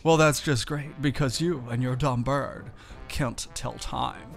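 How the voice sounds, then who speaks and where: In a let's-play, a man voices a brash, boastful teenage bully, reading the game's on-screen dialogue in a cocky, taunting way. His voice is medium-pitched, steady, and slow with vocal fry, and faint music plays behind him.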